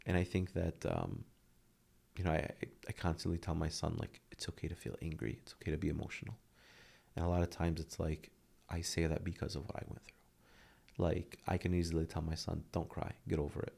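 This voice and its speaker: A man's voice: low-pitched, gravelly, dark tone. A man in his thirties, a guest speaking earnestly and emotionally about his struggles, often dropping to a near whisper. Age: 30s. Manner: earnest, heartfelt, drops to a near whisper at tender moments. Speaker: podcast guest. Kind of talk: emotional interview talk.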